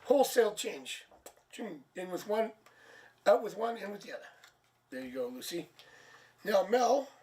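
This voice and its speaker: A man hosting a live tarot stream, chatting casually and sounding tired and low on energy. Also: very animated, a little slow, pauses often, a little mellow. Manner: chatty, laughs at himself, thinks aloud. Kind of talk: casual live-stream chat and card reading. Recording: distant mic, faint background noise.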